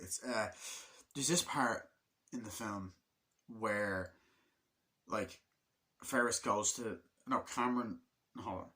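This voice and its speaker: A man's voice: lowish voice, bright, forceful tone. A young man reviewing a movie in a rambling, casual way, swearing often and acting out lines in put-on voices.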